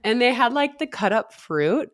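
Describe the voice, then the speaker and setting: A woman's voice: on the high side, animated, normal speed. A woman in her thirties co-hosting a podcast, telling stories in casual chat and laughing often. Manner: chatty storyteller, laughs often. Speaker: podcast co-host.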